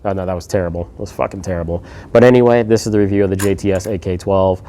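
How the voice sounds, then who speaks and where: A man giving a casual, laid-back firearms review, swearing freely and filling pauses with lots of ums and uhs. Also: sits low, steady tone, noisy background.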